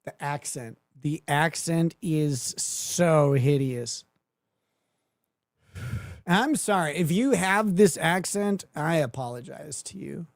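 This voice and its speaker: Male livestream host, sarcastic and crude, slow delivery, dry close sound. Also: a little high, expressive, creaky, dry recording. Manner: sarcastic, crude, laughs at his own jokes. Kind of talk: mocking livestream commentary.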